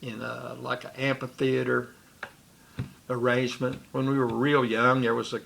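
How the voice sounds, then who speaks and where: A man's voice: medium pitch, level tone, normal speed, creaky, fairly bright tone, slight background noise. A man recounting a personal memory in a rambling way, with restarts and asides. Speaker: storyteller.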